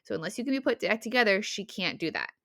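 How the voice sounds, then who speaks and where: A woman's voice: medium pitch, expressive, fast talker, creaky, fairly bright tone, no room sound, studio quality. A woman co-hosting a casual book podcast, animatedly retelling scenes and acting out lines. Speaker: podcast co-host.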